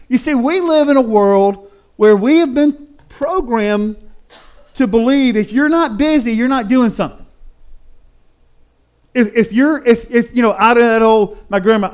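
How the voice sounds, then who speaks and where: A man's voice: extremely high pitch, clean tone. A male pastor giving a sermon in a conversational, emotive storytelling manner.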